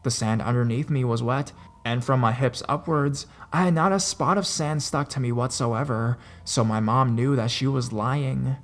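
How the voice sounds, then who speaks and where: Guy reading a creepy true story out loud, steady narrator voice, mid pitch. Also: moderate pace. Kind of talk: scripted horror story narration.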